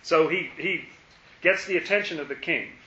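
A man teaching a conversational Bible study, musing aloud and repeating key phrases slowly for emphasis. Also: on the high side, bright, forceful tone, roomy sound, lo-fi sound.

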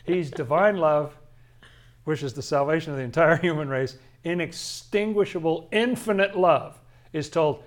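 Man, fairly high voice, leading a casual Bible study, chatty, laughs easily, emphatic asides. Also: normal speed. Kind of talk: casual scripture commentary.

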